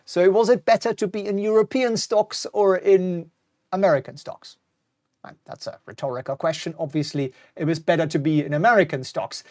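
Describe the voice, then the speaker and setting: A man's voice: high voice, steady tone, normal speed, darkish tone, dry recording, clean studio sound. A middle-aged man hosting a live-streamed stock market talk, chatty and wry, reading out viewer comments as he goes. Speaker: host.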